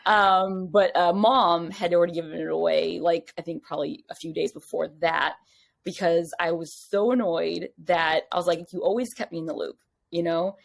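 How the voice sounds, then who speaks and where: A woman as a podcast guest, telling a story in casual chat, rambling and animated, full of "like" and acted-out quotes. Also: lowish voice, normal speed, vocal fry.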